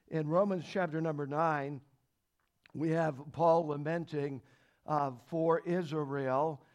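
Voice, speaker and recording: A man teaching a Sunday school Bible lesson, emphatic and folksy, with rhetorical questions and frequent fillers. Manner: emphatic, rises in pitch and volume when stressing points.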